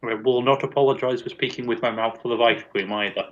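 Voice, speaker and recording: A man's voice: mid-range voice, steady tone, quick pace, lo-fi sound. A man co-playing a game on stream, giving matter-of-fact reminders. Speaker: co-player on stream. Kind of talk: casual gaming chat.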